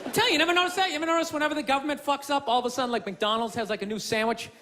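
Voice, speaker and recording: A man's voice: very high-pitched, racing. A man doing a stand-up comedy routine on stage, ranting with profanity and acting out other people's voices. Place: theater stage before a live audience. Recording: stage mic with loud crowd laughter and noise.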